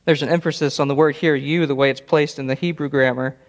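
A man's voice: fairly high pitch, steady tone, fast. A man preaching an expository sermon, earnest and emphatic, often repeating words for stress. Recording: long reverb of a large hall.

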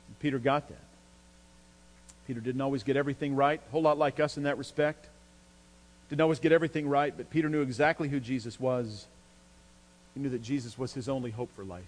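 A pastor preaches an emphatic sermon, his voice climbing in pitch and force whenever he drives a point home. The recording has long hall reverb and mains hum.

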